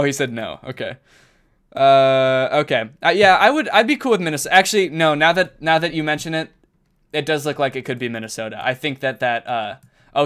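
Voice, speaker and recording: A man streaming from a carpeted room at home, chatting casually with his viewers while he plays, and bursting into loud exclamations when he gets excited. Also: mid-range voice. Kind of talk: casual live-stream chat while gaming.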